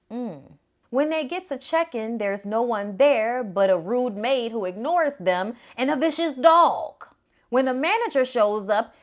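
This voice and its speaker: A woman reviews a movie in a casual recap, sassy and animated as she talks straight to her viewers. Her voice sits a little on the high side for a woman.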